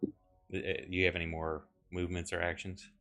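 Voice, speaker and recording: This man has a very low voice and runs the tabletop game as game master. He talks in a halting way, with frequent filler pauses, as he counts moves and narrates the scene. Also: flat delivery, fairly bright tone.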